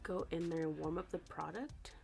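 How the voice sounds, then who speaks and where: Woman with a raspy morning voice. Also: on the low side, moderate pace, darkish tone, a little hiss or hum. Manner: chatty, rambling, self-correcting. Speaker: beauty vlogger. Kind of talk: casual makeup tutorial.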